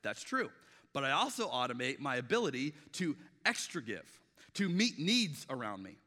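A man's voice: mid-range voice, sing-song, moderate pace, sharp tone. A middle-aged male pastor giving a conversational sermon, often acting out quoted dialogue, with frequent restarts. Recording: long reverb of a large hall.

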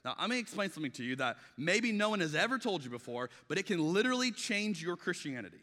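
A man's voice: sits high, sing-song, fast talker, few pauses, pushed and bright. A middle-aged male pastor giving a conversational sermon, often acting out quoted dialogue, with frequent restarts. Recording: long reverb of a large hall.

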